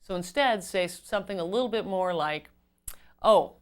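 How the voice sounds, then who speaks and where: A woman giving an instructional talk on customer service as a trainer, measured and explanatory, stressing key words. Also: on the low side, animated, clean tone.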